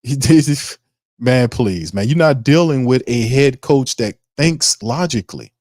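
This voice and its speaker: A man's voice: mid-range voice, expressive, measured pace, a little mellow, no echo, clean studio sound. A man hosting a sports stream, ranting in heated, profane commentary. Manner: fired-up, ranting, profane, mocking impressions. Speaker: sports podcast host.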